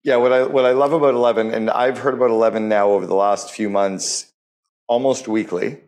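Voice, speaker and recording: A man's voice: mid-range voice, steady tone, a little fast, a little mellow. A man hosting a podcast interview, talking enthusiastically and bluntly, with casual swearing. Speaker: podcast host.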